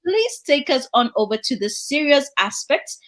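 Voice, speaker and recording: A woman hosting a live online talk show in an upbeat, quick manner. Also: sits high, big pitch swings, low-quality recording. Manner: upbeat, quick, laughs often. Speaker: host.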